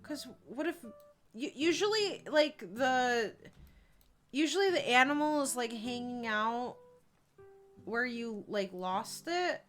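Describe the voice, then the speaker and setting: A young woman streams a game in a high voice that swoops up and down. She talks in an unhurried way, reacting to the game and chatting with her viewers. Soft music plays faintly behind her. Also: animated, poor audio. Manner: chatty, reacting to the game and reading chat aloud. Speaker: live streamer. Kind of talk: casual gameplay commentary.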